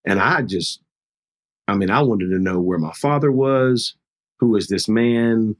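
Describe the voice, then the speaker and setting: Earnest middle-aged pastor telling stories, low voice. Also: male voice, measured pace. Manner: earnest, conversational, animated storyteller. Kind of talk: personal storytelling in a podcast interview.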